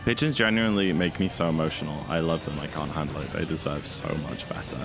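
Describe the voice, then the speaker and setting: A young British man chatting casually while streaming a speedrun, rambling with sudden excited outbursts. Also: rumbling low, quick pace, gravelly, over music. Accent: British English. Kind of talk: casual livestream chat.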